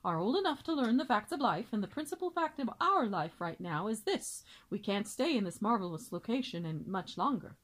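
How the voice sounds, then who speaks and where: A woman's voice: mid-range voice, sing-song, a little fast, few pauses, fairly bright tone, rough recording. A woman doing a proud, long-winded father swan. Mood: announcing. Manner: grand, lecturing storybook voice.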